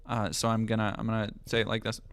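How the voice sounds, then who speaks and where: A man's voice: fairly low pitch, level tone, a little fast, creaky, slight background noise. A man streaming live, chatting casually, joking and swearing as he rambles.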